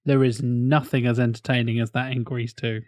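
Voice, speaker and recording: A man's voice: mid-range voice, little pitch movement, normal speed, darkish tone. A man co-hosting a casual film podcast, speaking bluntly with swearing. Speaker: podcast co-host. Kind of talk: casual film commentary chat.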